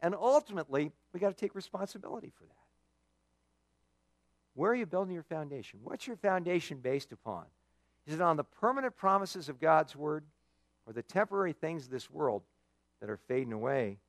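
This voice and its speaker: A male pastor preaching a sermon, telling stories with lively dramatic emphasis. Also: fairly high pitch, brisk, pauses often, no room sound. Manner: animated storytelling with dramatic emphasis.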